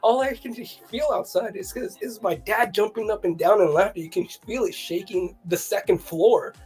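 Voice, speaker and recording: A guest telling a funny family story in a casual chat, animated and often laughing, with a slightly husky voice. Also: medium pitch, normal speed, faint music behind.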